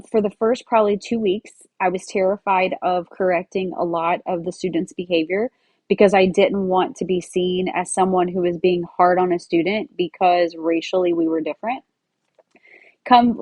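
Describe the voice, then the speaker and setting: A woman's voice: mid-range voice, darkish tone, dry recording. A woman in her forties from the United States, hosting a podcast and telling a story in a casual, chatty way, full of "like" and "um", acting out bits of dialogue. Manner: chatty, lots of "like" and "um", acts out quoted dialogue. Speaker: podcast host.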